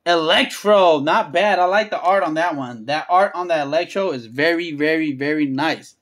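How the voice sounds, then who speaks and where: A channel host opening trading card packs on camera, calling out each card and getting loudly excited and cursing at big pulls. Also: medium pitch. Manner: excitable, swears freely, yells at big pulls; drawn-out, emphatic phrasing between muttered card lists. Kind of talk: hyped pack-opening vlog commentary.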